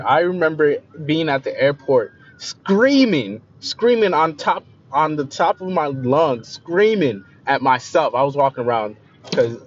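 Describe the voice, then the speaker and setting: A young man telling a personal story in a confessional way, repeating himself and often trailing off softly, on a dull lo-fi recording. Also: medium pitch. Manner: emotional, repeats phrases, voice trails off quieter. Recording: slightly dull lo-fi recording with faint noise.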